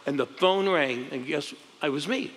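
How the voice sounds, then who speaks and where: A male pastor telling stories in an exclamatory, emphatic way, with loud outbursts to the crowd. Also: a little high, normal speed. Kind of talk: animated storytelling testimony. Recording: long hall reverb.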